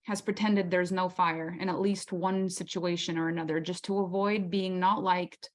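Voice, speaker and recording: A woman's voice: on the low side, fairly even intonation, moderate pace. A woman hosting a motivational masterclass, speaking with passion, asking rhetorical questions and acting out inner voices. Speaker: masterclass host. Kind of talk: motivational workshop talk.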